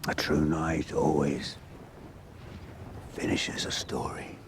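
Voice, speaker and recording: An actor playing a drunk old hedge knight well past his prime in a TV drama, with a rambling RP English accent and the slow manner of a storyteller. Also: extremely low pitch, completely flat delivery, a little hiss or hum, heavily acted. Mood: wistful. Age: older. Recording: TV drama clip with faint music.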